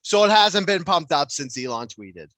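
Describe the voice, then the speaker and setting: Bright, brassy-voiced man chatting. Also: a little high, sing-song, normal speed, dry recording. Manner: rambling, frequently swearing. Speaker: podcast co-host. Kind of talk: casual podcast chat.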